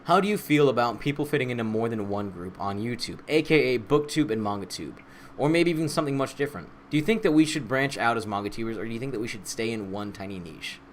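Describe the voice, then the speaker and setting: A man hosting a casual podcast chat, asking questions in a playful, animated way. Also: mid-range voice, fast, a little hiss or hum. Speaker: podcast host.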